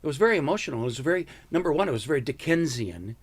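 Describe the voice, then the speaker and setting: A racing, higher-pitched voice belongs to a comedian in his seventies from the United States. Guesting on a casual interview, he tells animated stories and breaks into impressions of people he knew.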